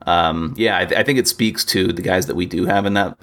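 Low gravelly man chatting about football. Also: brisk, fairly bright tone. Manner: rambling, hesitant, many fillers and restarts. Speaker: podcast co-host. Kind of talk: casual sports chat.

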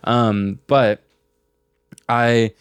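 A young man, co-host of a podcast, telling a story in casual chat, animated and swearing, acting out the voices of the people in it. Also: mid-range voice, very slow, smooth, no room sound. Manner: animated, swearing, acts out voices in his stories.

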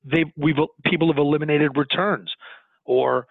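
A man, a business owner, talking earnestly in an interview, animated and restarting his sentences as he goes. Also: a little high, moderate pace, vocal fry, no echo. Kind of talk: conversational interview. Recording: tinny phone-line audio, dry.

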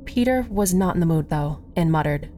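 A woman narrates a first-person horror tale in an expressive, scripted delivery. Her voice sits on the low side, with faint music underneath. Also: moderate pace.

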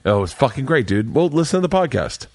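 A man's voice: medium pitch, very animated, quick pace, darkish tone, no room sound, studio quality. A man hosting a podcast from his home man cave, rambling through stories with plenty of swearing. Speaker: podcast host. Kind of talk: casual chat.

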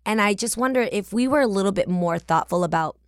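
A woman's voice: mid-range voice, expressive, quick pace, dry recording, studio quality. A woman in her forties from the San Francisco Bay Area, hosting her podcast in a candid, chatty manner with casual slang. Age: 40s. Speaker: podcast host.

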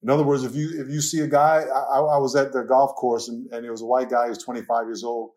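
Talking fast in a level, somewhat mellow voice of middling male pitch, an older New Yorker who pastors spins animated stories as a podcast guest. He laughs readily and drops into brief acted lines.

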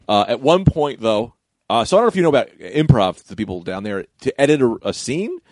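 A young comedian tells a story on a podcast in a casual chat, his medium-pitched voice swinging widely and speaking a little fast with no echo. He acts out voices and swears casually.

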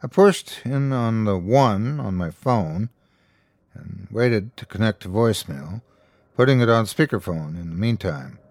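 A man narrating a scripted horror story in a measured storytelling voice, lightly voicing the characters. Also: on the low side, lively intonation, darkish tone, dry recording, studio quality. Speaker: host and narrator.

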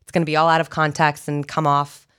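A woman's voice: sits low, little pitch movement, fast talker, a bit bright, clear, resonant tone. A woman communication coach, giving guests explanations and affirmation in a podcast interview.

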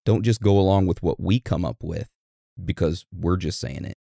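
Gravelly laid-back man. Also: low voice, lively intonation, normal speed, dark tone, no room sound, studio quality. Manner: laid-back, rambling, joking. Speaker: podcast co-host. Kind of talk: casual chat.

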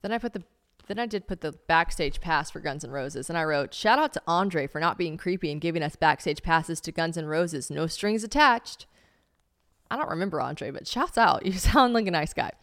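Young woman podcast host, slightly low voice, chatty and rambling, peppers everything with "like". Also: lively intonation, fairly quick, a bit bright. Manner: chatty, rambling, heavy use of "like", self-mocking asides. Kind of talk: casual solo podcast, reading old diary aloud.

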